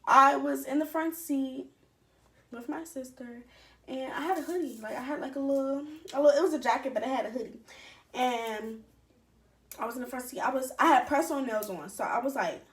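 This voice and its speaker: A young adult woman telling a personal story casually to her camera, animated, profane and candid, talking straight to her viewers. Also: high voice, moderate pace. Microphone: camera set up in front of her.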